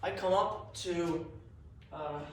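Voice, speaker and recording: A man tells a meandering comic story in a confused, wandering way. His voice sits a little high. He is set back from the microphone in a very echoey room with faint background noise. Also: slow, a bit bright. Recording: echoey room, far from mic.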